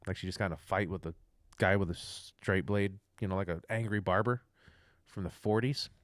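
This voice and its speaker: A man's voice: sits low, moderate pace, no echo, clean studio sound. A young man rambling casually through a livestream rant, loose, chatty and profane. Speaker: livestream host.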